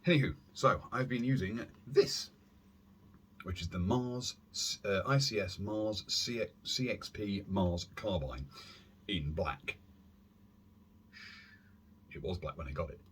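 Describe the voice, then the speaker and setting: A man hosting a casual airsoft gear vlog from his warm room at home, rambling along with self-deprecating asides and filler words. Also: on the low side, takes it slowly, long pauses, a little hiss or hum. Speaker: airsoft YouTube channel host. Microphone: camera on a stand.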